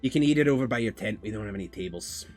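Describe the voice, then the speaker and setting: A man running a tabletop game as game master, describing scenes in a relaxed, casual way. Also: fairly low pitch, racing, faint music behind.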